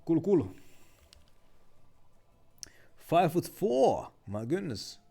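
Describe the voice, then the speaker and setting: A man's voice: on the high side, very animated, extremely slow, vocal fry, dark tone, slightly rough. A man streaming a video game, chatting casually and rambling with lots of fillers.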